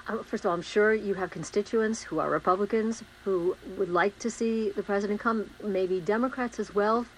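A woman's voice: medium pitch, normal speed, a little hiss or hum, rough recording. A woman anchoring a live news interview, asking probing questions with some fillers.

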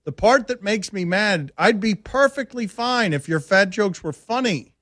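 A sports radio host rants with plenty of sarcasm, talking animatedly into a studio microphone. His voice is fairly high, and the sound is close and dry. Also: expressive, a little slow, a bit bright, no room sound. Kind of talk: casual sports talk radio.

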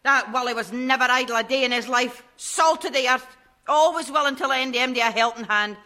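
A bossy Scottish mum. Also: female voice, high voice. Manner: quick, sharp comebacks. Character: bossy, sharp-tongued middle-aged mother. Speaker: sitcom mother.

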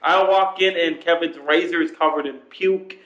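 A man eagerly retelling a story in casual chat, putting on quick impressions. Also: fairly high pitch, steady tone, a bit bright. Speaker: podcast guest. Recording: roomy, dull lo-fi sound.

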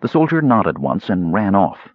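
A man narrating a fantasy audiobook with a very deep, husky voice. His pitch moves expressively, and the recording is dry and a little muffled. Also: moderate pace, no room sound. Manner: expressive, changing voices for characters.

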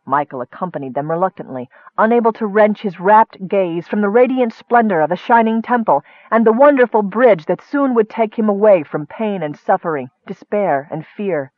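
Man narrating audiobook, high voice, measured, dry muffled audio. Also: no room sound. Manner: measured, expressive reading.

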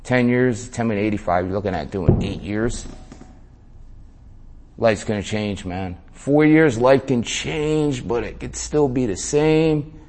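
A man's voice: medium pitch, slow pace, a little mellow, slight background noise. A man telling a story in an interview in a casual way, full of slang, swearing and "man". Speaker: interview guest.

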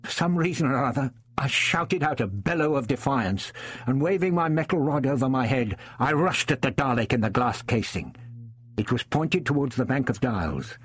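A man reading a first-person adventure story aloud in a measured, dramatic storytelling manner. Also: mid-range voice, expressive, fairly bright tone, breathy edge. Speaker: audiobook narrator. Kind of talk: scripted first-person narration.

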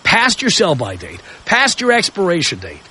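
Loud mouthed radio guy, high bright voice, kinda husky, swings all over the place. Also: wildly swooping pitch, moderate pace. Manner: brash, mocking, provocative. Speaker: radio talk show host. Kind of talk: opinionated call-in radio talk.

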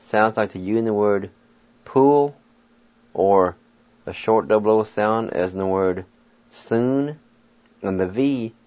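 A man with a lowish voice leads a slow, patient pronunciation lesson on the radio, spelling out each word letter by letter. The sound is dull and lo-fi, like an old radio recording. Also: darkish tone. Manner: spells words out letter by letter, encouraging. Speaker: radio language teacher.

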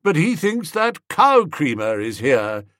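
A man voicing a breezy, hearty middle-aged aunt in a higher, louder voice for an audiobook. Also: very animated, takes it slowly, no echo, studio quality, heavily acted. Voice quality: hearty, chummy, raised pitch. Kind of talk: audiobook character voice.

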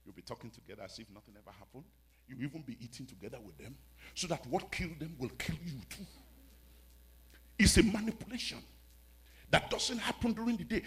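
A male preacher telling stories in a sermon, dramatic and swinging between hushed and loud. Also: on the high side, lively intonation, fairly quick, long pauses, slightly rough. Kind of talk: storytelling sermon.

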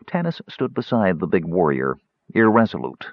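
Deep-voiced man narrating expressively. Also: moderate pace, breathy edge, dry recording. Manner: expressive, varied delivery. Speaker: audiobook narrator. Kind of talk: scripted fantasy narration. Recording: slightly dull audiobook recording.

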